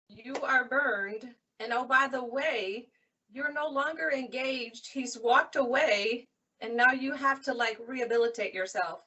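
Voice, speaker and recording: A woman librarian chatting casually about books, retelling stories in an animated way. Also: on the high side, recorded from a distance. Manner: animated retelling, acts out characters' lines. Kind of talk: casual book recommendation chat.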